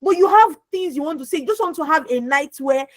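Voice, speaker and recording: A young adult woman with a naturally loud voice, coaching an audience on a video call. She is emphatic, repeats words and keeps asking her listeners questions. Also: high voice, expressive, quick pace, no room sound, rough recording. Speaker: emotional healing coach. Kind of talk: lively motivational talk on an online call.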